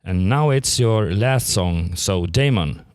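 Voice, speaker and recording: A man's voice: fairly low pitch, lively intonation, slow, darkish tone. A man hosting a podcast, asking short, direct questions of his guests. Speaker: podcast host. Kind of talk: interview hosting.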